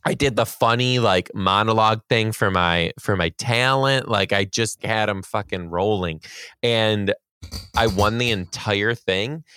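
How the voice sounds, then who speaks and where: A man's voice: lowish voice, unhurried, bright, forceful tone, clear, resonant tone, no room sound, clean studio sound. A man hosting a casual podcast chat, loose and jokey, swearing freely as he tells stories.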